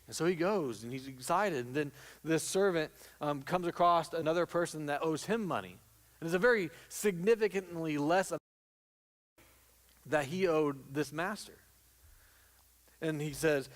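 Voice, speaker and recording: In a church sanctuary, a pastor with a voice on the high side speaks at a normal speed. His sermon is conversational, and he acts out little quotes as he goes.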